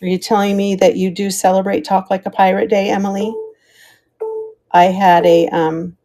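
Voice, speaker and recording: Mellow-voiced American woman selling jewelry live. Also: medium pitch, flat delivery, normal speed. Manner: chatty, calls out starting prices and thanks viewers by name. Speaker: live-stream jewelry seller. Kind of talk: live auction stream chat.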